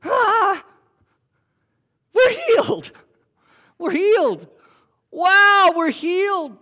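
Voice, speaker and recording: Man doing a healed leper man, giddy and amazed, voice jumping high. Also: very slow, big-room sound, full character voice. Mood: amazed, overjoyed. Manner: excited, exclaiming in disbelief.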